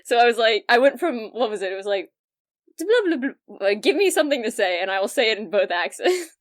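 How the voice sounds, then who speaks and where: Animated young woman, podcast co-host. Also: fairly high pitch, quick pace. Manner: animated storyteller, laughs often. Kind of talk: casual chat.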